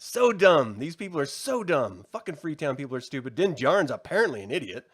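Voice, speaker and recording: A man co-hosting a casual review podcast, his fairly high voice leaping up and down as he rants. He swears freely and acts out the characters' lines in animated bursts. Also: fairly quick, slightly rough. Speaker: podcast co-host.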